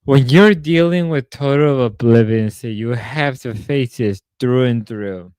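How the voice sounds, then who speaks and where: A man's voice: mid-range voice, unhurried, darkish tone, smooth, no echo. A drunk man livestreaming in casual chat, rowdy and rambling, whooping between lines.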